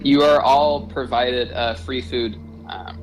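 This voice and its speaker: Slow, hesitant male game master. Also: medium pitch, fairly even intonation, rough recording. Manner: slow, hesitant, many filler uhs. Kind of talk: narrating a tabletop game.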